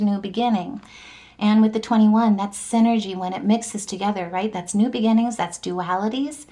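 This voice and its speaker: A woman's voice: mid-range voice, dark tone. A woman giving a casual, upbeat horoscope reading, chatty and encouraging, running through long lists of keywords. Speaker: tarot and astrology reader.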